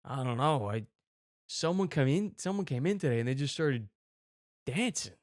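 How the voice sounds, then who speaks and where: A man's voice: medium pitch, expressive, moderate pace, no echo, lightly acted. Worn-out board member, hesitant and rambling as a man puts him on, dry close sound. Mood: flustered. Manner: mumbling, flustered explaining. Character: deflated middle-aged male town official.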